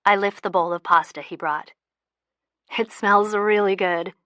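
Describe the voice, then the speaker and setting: Soft-spoken lady reading a romance audiobook, bright voice, dry studio sound. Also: mid-range voice, steady tone, unhurried, dry recording. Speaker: audiobook narrator. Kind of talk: first-person audiobook narration.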